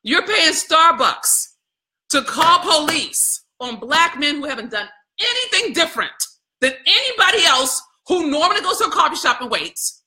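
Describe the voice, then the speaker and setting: Hosting a live video, a woman preaches with fervor in colloquial speech, calling her viewers "y'all" and reading their comments aloud between points. Her high voice is pushed and bright, swinging widely in pitch at a moderate pace, making for impassioned live-stream commentary.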